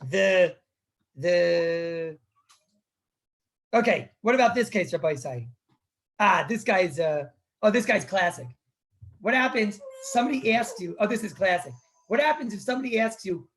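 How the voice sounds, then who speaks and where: A man, a rabbi, teaching an informal live online class on Jewish law, talking conversationally, repeating words and often clearing his throat. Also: high voice, lively intonation, moderate pace, a bit bright.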